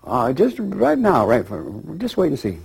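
Brisk, pushy salesman, put on by a man: mellow, husky tone, rattles off the pitch. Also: huge pitch swings, heavily acted. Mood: eager. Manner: quick, breezy sales patter. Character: brisk pushy male salesman, fast-talking dealmaker.

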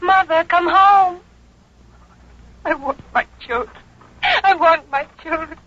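A woman's voice: extremely high pitch, slow, fairly bright tone, exaggerated voice. An actress playing a dazed, grieving mother held in prison, who speaks in wandering, broken phrases, on an old radio drama recording. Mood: distraught, dazed. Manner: wandering, broken, dreamlike speech. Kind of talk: 1950s radio drama acting. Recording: dull old radio broadcast with faint hiss.

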